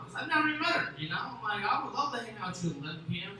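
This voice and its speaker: Young male stand-up, crude rambling storyteller, hard bright tone, roomy echo, faint hiss. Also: sits high, expressive, very fast, few pauses. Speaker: stand-up comedian. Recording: echoey room with faint noise.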